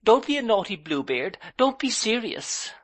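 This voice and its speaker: A man's voice: high voice, sing-song, moderate pace, fairly bright tone, pitched above the performer's own voice. A man doing a childish tearful young wife. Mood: coaxing. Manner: pleading, sobbing, coaxing.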